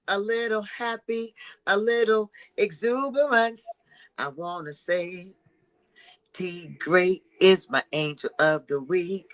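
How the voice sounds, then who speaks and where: Woman host, comedy chat; bright, sharp tone, loud, laughing, playfully crude. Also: mid-range voice, low-quality recording. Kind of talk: casual raunchy comedy chat.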